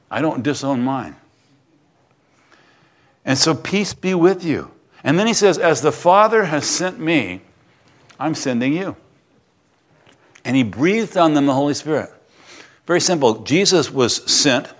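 A middle-aged male pastor preaching in a loose, chatty way, padding his points with fillers. His voice climbs high and loud when he gets excited, then drops low and quiet when he turns gentle. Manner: conversational, animated, with frequent fillers and sudden bursts of excitement. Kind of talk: sermon.

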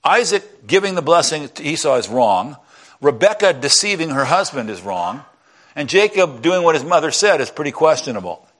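A man preaching a sermon in a church, retelling a story in an animated way and acting out its characters. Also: a little high, normal speed. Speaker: pastor.

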